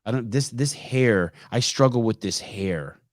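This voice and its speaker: A man hosting a live call-in podcast, talking in an animated, profane way with many restarts. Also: mid-range voice, measured pace, no room sound, studio quality. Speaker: podcast host.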